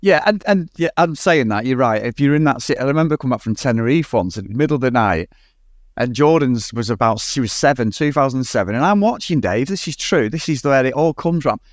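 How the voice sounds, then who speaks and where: A man co-hosting a casual film review chat, telling sweary, animated anecdotes. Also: medium pitch, brisk, no echo, clean studio sound. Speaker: podcast co-host.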